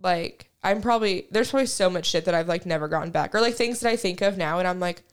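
A woman's voice: lowish voice, fast, clear, resonant tone. A woman in her twenties, a podcast co-host telling stories in a rambling, casual way, full of "like" and swearing. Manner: rambling, heavy use of "like", frequent swearing. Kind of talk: casual chat, storytelling.

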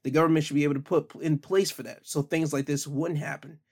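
A man's voice: on the high side, fairly even intonation, fast talker, a little mellow. A man giving casual commentary on the news, talking conversationally with frequent fillers.

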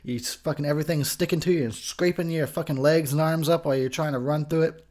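A man's voice: a little high, fairly even intonation, fast talker, a little mellow. A man giving a rambling, profane movie commentary from his home mic, ranting as he drinks. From Texas. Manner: rambling, swearing, frustrated ranting. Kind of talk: drunk casual movie commentary. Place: home room near a window. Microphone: home recording mic.

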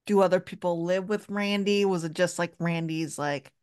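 A woman's voice: on the low side, fairly even intonation, moderate pace, darkish tone, smooth. A woman joining a podcast chat, asking teasing questions. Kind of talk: casual group chat.

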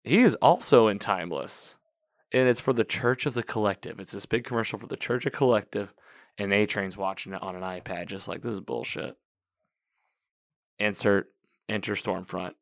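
A man's voice: on the low side, a little fast, no room sound, clean studio sound. A man casually recapping a TV episode, talking in a rambling way, correcting himself and quoting the characters as he goes.

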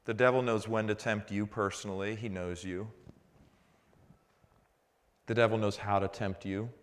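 A man's voice: on the low side, normal speed. Man preaching a conversational sermon. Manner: conversational preaching, builds to animated frustration in anecdotes. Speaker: pastor.

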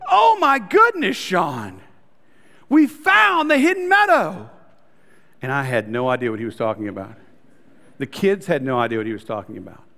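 Guy preaching a sermon, kinda high voice, telling stories, goes soft and close at times, big hall echo. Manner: storytelling preacher, addresses crowd as guys, drops to soft intimate tones. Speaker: pastor.

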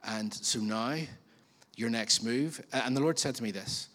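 A man's voice: medium pitch, a little slow. Male pastor preaching in an echoing hall. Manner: conversational, animated preaching with asides to the congregation. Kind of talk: sermon. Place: church auditorium. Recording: long reverb of a church hall.

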